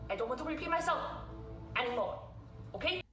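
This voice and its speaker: A woman's voice: sits high, expressive, fairly quick, pushed and bright, echoey room, faint music behind. A woman doing a stern, scolding mother in a put-on accent for a comedy clip.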